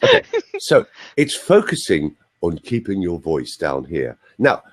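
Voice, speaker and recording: A man's voice: deep voice, wildly swooping pitch, a little slow, slightly rough. A male voice coach explaining techniques on an online call, with joking asides. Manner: explanatory, demonstrates sounds, jokey asides. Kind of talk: teaching on a group call.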